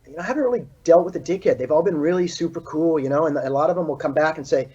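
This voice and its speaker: A surfboard shaper from California chats loosely in an interview, talking fast and filling his speech with "like" and "you know." His fairly high voice is mellow and husky, heard through dull, lo-fi video call audio.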